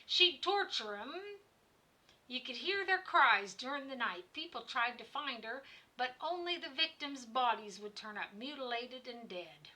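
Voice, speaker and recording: A woman's voice: on the high side, lively intonation, a little slow, sharp tone. Woman doing a pompous blustering innkeeper. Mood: storytelling. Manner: pompous, scolding. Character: pompous middle-aged male innkeeper, blustering. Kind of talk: reading game dialogue aloud in voices.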